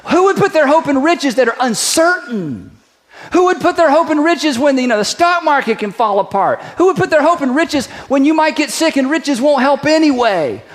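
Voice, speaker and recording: A middle-aged male pastor giving a conversational, joking sermon. He piles up rhetorical questions and leads the congregation in a spoken declaration. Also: extremely high pitch.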